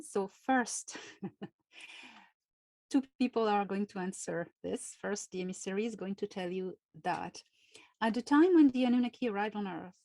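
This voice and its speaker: A woman with a French accent, a native French speaker answering interview questions in English, speaking slowly and carefully with frequent hesitations. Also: medium pitch, dark tone, no echo. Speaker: guest.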